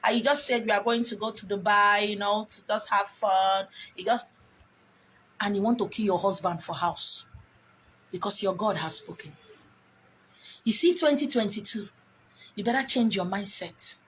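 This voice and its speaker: A woman's voice: mid-range voice, normal speed, pauses often, a bit bright, slight background noise. A middle-aged Nigerian woman talking to camera, bluntly scolding her viewers with bits of pidgin mixed in. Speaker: vlogger. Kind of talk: talking to camera, advice rant.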